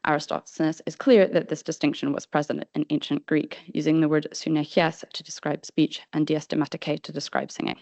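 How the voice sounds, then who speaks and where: Woman, lowish voice, formal academic reading, dry muffled sound. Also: little pitch movement, creaky, darkish tone, dry recording. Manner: formal, measured delivery with brief slide-control asides. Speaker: conference presenter. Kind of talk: reading a prepared academic paper. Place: conference hall. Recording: dull, slightly lo-fi sound.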